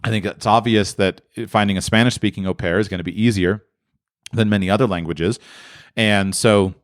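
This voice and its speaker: Opinionated low-voiced male show host. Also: steady tone, normal speed, no room sound, clean studio sound. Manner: opinionated, laughing asides, frequent restarts. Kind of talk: call-in Q&A answers.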